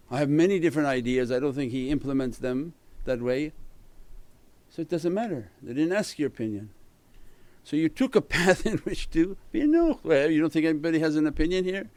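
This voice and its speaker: A man, a spiritual teacher giving an earnest religious talk and varying his loudness for emphasis. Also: on the high side, lively intonation, brisk, no room sound.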